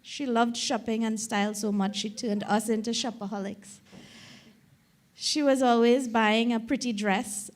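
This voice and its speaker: Middle-aged Trinidadian woman, funeral eulogy, higher-pitched voice, slow earnest delivery. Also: fairly even intonation. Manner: slow, earnest reading that breaks into tears at times. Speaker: daughter giving a eulogy. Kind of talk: funeral eulogy read aloud.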